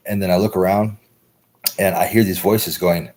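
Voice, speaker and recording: A man's voice: low voice, fairly even intonation, quick pace, darkish tone. An American man hosting a livestream, rambling loosely and swearing a lot, often checking in with "right?". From United States. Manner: loose, profane, repeats "right?". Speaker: livestream host. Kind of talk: rambling casual monologue.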